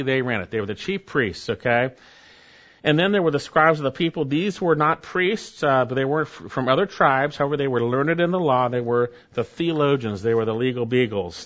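Casting note: male pastor preaching an expository sermon, emphatic, repeats lines, dynamic swings, slightly dull audio. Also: mid-range voice. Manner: emphatic, repeats key phrases, swings from loud to soft.

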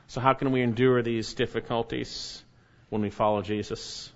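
An earnest man preaching a sermon and reading scripture aloud. His voice is of middle pitch, and he swings between raised emphatic lines and quiet, low ones. The recording is slightly dull and lo-fi. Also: fairly even intonation, normal speed. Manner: earnest, rising emphatic then dropping soft and low.

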